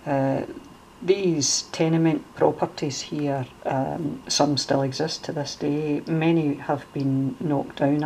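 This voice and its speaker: A middle-aged woman with a Glasgow accent talks casually through a handmade journal, page by page. Her voice sits low and mellow. She rambles and restarts often. A faint noise floor runs beneath. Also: poor audio. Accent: Glaswegian Scottish. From Scotland. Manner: chatty, wandering, with many fillers and restarts. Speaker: crafter showing a junk journal. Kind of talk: casual show-and-tell.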